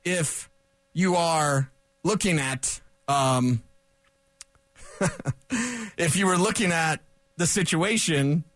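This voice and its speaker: Fired-up high-voiced sports radio man. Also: no echo, studio quality. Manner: fired up, loud and rambling, sarcastic asides. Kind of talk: solo sports talk radio rant.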